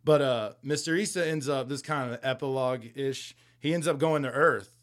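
A man's voice: medium pitch, moderate pace. A man co-hosting a podcast, casually recapping a comic book in a rambling, profane way, with laughs along the way. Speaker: podcast co-host.

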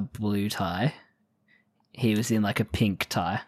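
A man's voice: on the low side, fairly even intonation, takes it slowly, pauses often, a bit bright. A man co-hosting a podcast, chatting loosely and laughing, with trailing sentences and casual swearing. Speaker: podcast co-host. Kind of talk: casual chat about anime.

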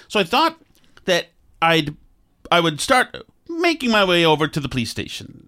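A podcast host telling a story in a casual, animated way, acting out his own quotes. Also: high voice, normal speed.

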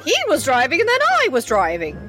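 A woman's voice: sits high, huge pitch swings, fairly quick, over loud music. A woman playing a tabletop game, cheerfully speaking as her character. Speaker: player. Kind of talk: tabletop role-play in character.

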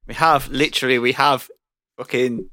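A man's voice: mid-range voice, fairly even intonation, moderate pace, pushed and bright, no room sound. A man playing in a tabletop game, blunt and casual, swearing and laughing easily. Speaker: player.

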